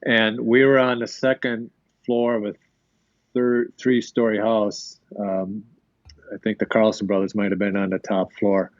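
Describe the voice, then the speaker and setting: A man's voice: lowish voice, flat delivery, measured pace, no room sound, muffled recording. An older man, a former hockey player, casually telling stories as a podcast guest and acting out quoted dialogue. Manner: rambling anecdotes with quoted dialogue. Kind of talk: casual storytelling.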